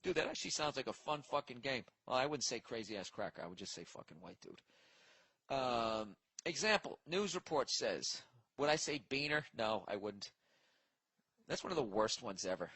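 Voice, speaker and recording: A man's voice: medium pitch, big pitch swings, normal speed, bright, forceful tone, breathy edge, poor audio. A man hosting a comedy podcast, ranting profanely and rambling as he reacts to listener mail. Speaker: podcast host. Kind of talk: casual comedic podcast rant.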